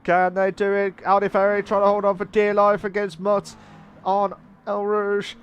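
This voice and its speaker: A man giving live sim racing commentary in an excitable, rambling way, often correcting himself. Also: high-pitched, moderate pace, clear, resonant tone. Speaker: race commentator.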